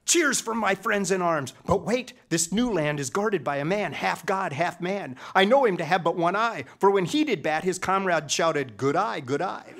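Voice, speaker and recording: A man's voice: sits high, animated, normal speed, few pauses, fairly bright tone. A middle-aged man telling a comic story, wry and mock-epic, swelling into drama.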